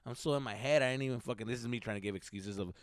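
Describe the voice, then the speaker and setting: A man from California who hosts a comedy podcast and tells a profane, animated story, laughing often. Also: medium pitch, rapid-fire, no echo, studio quality.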